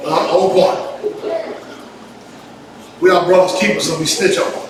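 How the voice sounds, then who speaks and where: A man pastor giving a lively, playful sermon, teasing the congregation and calling for responses. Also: high-pitched, unhurried. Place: church. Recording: echoey church room from far off, noisy.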